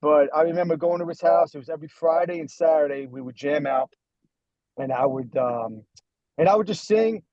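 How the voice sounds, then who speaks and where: A man's voice: on the high side, a little fast, a little mellow, no echo, lo-fi sound. A man who sings lead in a band, chatting casually in a rambling, self-deprecating way with many restarts. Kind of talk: casual chat.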